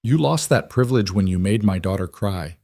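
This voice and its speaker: A man's voice: fairly low pitch, expressive, brisk, creaky, a little mellow, no room sound, studio quality. A man voicing an anxious, protective single father who speaks urgently. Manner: urgent, insistent.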